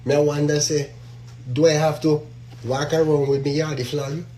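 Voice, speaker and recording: A man's voice: a little high, normal speed, slight background noise, low-quality recording. Exasperated Jamaican man ranting. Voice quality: patois-heavy speech. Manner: animated and exasperated. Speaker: social media commenter. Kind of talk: ranting monologue to camera.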